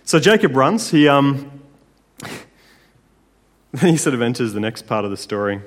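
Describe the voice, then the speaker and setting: A man's voice: medium pitch, sing-song, measured pace, pauses often. A man preaching a sermon in a casual, conversational way, often checking in with his listeners. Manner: casual, conversational, with tag questions. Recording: long hall reverb.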